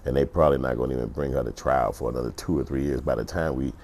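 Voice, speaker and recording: A man with a very deep, gravelly voice tells stories and gives his opinions in a blunt, profane way. He is middle-aged and talks casually to his viewers. There is faint noise in the background. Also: steady tone, rapid-fire, darkish tone. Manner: profane, blunt, acts out other people's voices. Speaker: vlogger. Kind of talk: casual storytelling commentary.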